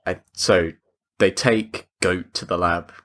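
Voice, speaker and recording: A man's voice: sits low, fairly even intonation, slow pace, fairly bright tone. A man co-hosting a podcast who recaps film scenes in loose casual chat and often chimes in with agreement. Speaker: podcast co-host.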